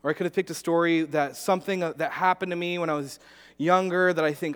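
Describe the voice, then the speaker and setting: A man's voice: a little high, fairly even intonation, fast talker, fairly bright tone, clear, resonant tone. A male pastor telling a personal story in a sermon, earnest, with frequent restarts and repeated words. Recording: long hall reverb.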